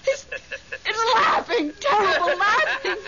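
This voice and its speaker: An actress playing a nervous, devoted middle-aged widow in a 1970s radio drama, fretful and excitable. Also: female voice, on the high side, a little slow. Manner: fretful, excitable, talks on the phone. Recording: dull vintage radio broadcast, faint hiss.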